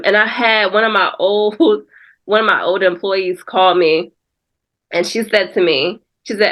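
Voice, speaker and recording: A woman's voice: medium pitch, steady tone, unhurried, fairly bright tone. A woman guest on a faith podcast, speaking in a reflective, testimonial way and calling the host "girl.". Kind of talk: casual faith podcast conversation.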